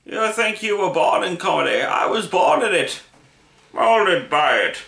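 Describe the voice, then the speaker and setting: A man's voice: sits high, sing-song, measured pace, creaky, sharp tone, echoey room, pitched above the performer's own voice, full character voice. A man putting on the voice of an offended old man critic, growling and lecturing like a movie villain. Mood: indignant.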